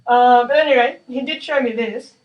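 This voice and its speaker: A woman's voice: fairly high pitch, normal speed, highs cut off. A young woman, a percussion student, casually demonstrating snare exercises in a practice room, chatty and self-deprecating with many fillers. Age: young adult. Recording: distant mic with drumming behind.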